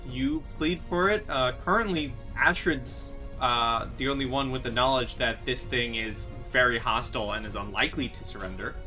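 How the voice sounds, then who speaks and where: A man acting as game master, calmly calling rolls and turns in a tabletop game. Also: medium pitch, normal speed, few pauses, soft background music. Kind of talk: running a tabletop game over voice chat.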